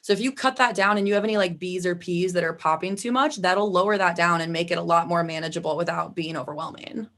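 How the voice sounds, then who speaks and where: A woman's voice: lowish voice, fast, few pauses, fairly bright tone. Midwestern woman, vocalist guest, chatty and filler-heavy. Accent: Midwestern American. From Midwest US, Chicago area. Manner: chatty, frequent "like" fillers, laughs easily. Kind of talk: casual interview chat.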